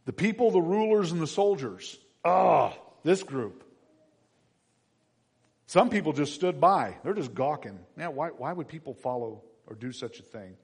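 A man preaching a sermon as a pastor, dramatic, dropping to a hush and then rising high and loud. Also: expressive, measured pace, vocal fry, slightly rough. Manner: dramatic, swings from hushed to shouting. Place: church. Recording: long reverb of a large hall.

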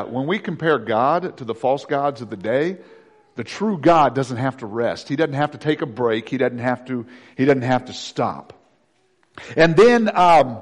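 A man preaching a sermon as pastor, swinging between loud declarations and hushed, intimate passages. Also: on the high side, long reverb tail.

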